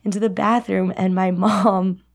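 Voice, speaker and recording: A young woman tells a personal story in a casual, chatty way, laughing now and then. Her voice sits at a middle pitch. She acts out the people in the story with lively little voices. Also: unhurried. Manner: chatty, animated, laughs while telling, acts out quotes. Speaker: guest storyteller.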